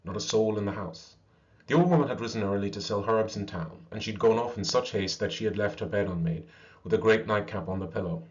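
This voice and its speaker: A man's voice: fairly low pitch, a little fast, muffled recording. Man reading a fairy tale aloud. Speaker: storyteller. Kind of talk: storybook read-aloud.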